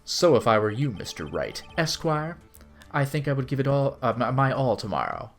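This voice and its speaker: A man's voice: mid-range voice, big pitch swings, moderate pace, faint music behind. A smug young celebrity shows his true face as a villain, taunting in a syrupy, mocking tone, as a man reads him for a game playthrough. The voice rises and dips a lot on the sneers. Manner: taunting, mock-sweet.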